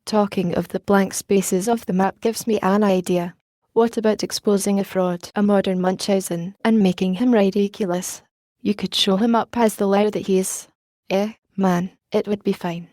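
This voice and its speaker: A woman's voice: mid-range voice, steady tone, moderate pace, warm tone, no echo, clean studio sound, close to an everyday voice. A woman voicing an old Scottish news editor. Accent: Scottish, put on. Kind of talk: audiobook character reading.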